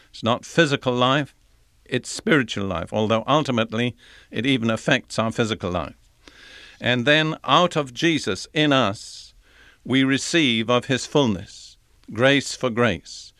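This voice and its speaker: An older male preacher giving a measured, earnest sermon that explains scripture verse by verse and slows down to stress key phrases. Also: mid-range voice, fairly bright tone, dry recording, studio quality.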